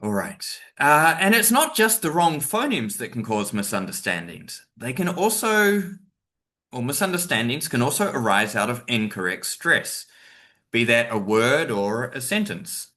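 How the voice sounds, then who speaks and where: In a sing-song, medium-pitched voice that's bright and forceful, a man leads a webinar as a teacher trainer without hurrying. His delivery is chatty, loaded with fillers and side comments, and he sometimes performs example sentences with heavy stress.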